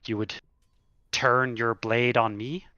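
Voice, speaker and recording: A man voicing a wrathful male knight commander with a booming, accusing delivery. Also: level tone, slow, sharp tone, dry recording, highs cut off. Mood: angry.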